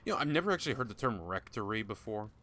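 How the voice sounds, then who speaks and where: A man's voice: lowish voice, sing-song, rapid-fire, bright, forceful tone. A man giving casual gameplay commentary, joking, swearing often and talking to game characters. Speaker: gaming YouTuber.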